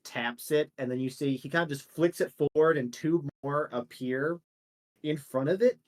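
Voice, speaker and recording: A man's voice: a little high, normal speed, a little mellow. A man running a tabletop game as game master, narrating in a loose, chatty way with many fillers.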